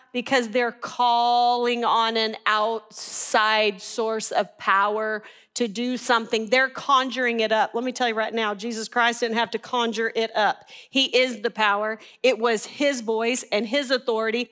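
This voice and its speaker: A woman giving animated Bible teaching, laughing at herself as her voice rises with excitement. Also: fairly high pitch.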